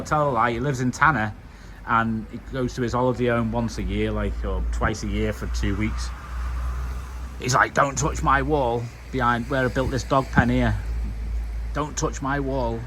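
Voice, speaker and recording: A British man chats straight to camera outside his home, loose and full of fillers. His voice sits at an ordinary middle pitch. Faint outdoor ambience runs underneath. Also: pushed and bright, slight background noise. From United Kingdom. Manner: chatty, loose and conversational with many fillers. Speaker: vlogger. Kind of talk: casual rambling monologue to camera.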